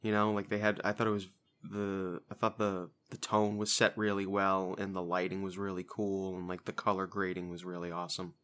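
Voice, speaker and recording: A man's voice: low-pitched, little pitch movement, fairly quick, few pauses, a bit bright. A young man co-hosting a casual movie review podcast, rambling with frequent restarts and fillers. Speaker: podcast co-host.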